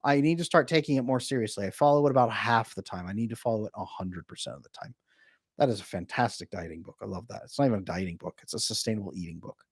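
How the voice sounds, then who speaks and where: A man's voice: lowish voice, breathy edge, dry recording, studio quality. A man who coaches on relationships, chatting casually and joking as he answers viewer comments on a live Q&A from home. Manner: joking, chatty, quick to laugh. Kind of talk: casual livestream chat, reading viewer comments. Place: home room with a bookshelf behind him.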